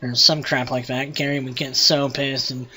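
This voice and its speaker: A man hosting a let's play reads the game's text aloud at a mid pitch and drops in wry, profane asides. Faint noise sits under the voice. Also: little pitch movement, moderate pace, pushed and bright. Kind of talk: reading game text aloud with commentary.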